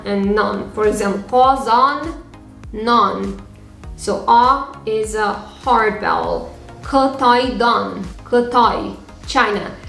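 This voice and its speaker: A woman's voice: a little high, fairly bright tone. A woman from Tatarstan, teaching a phrasebook lesson and repeating each example sound by sound. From Tatarstan, Russia. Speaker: language teacher. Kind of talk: slow, careful phrasebook lesson. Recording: echoey room with faint music.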